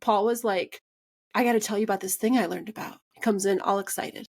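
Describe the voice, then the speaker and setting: Talking a little fast with vocal fry at a medium pitch, this woman hosts a podcast interview. She's an animated storyteller who performs the dialogue she quotes and leans heavily on "like" and "right."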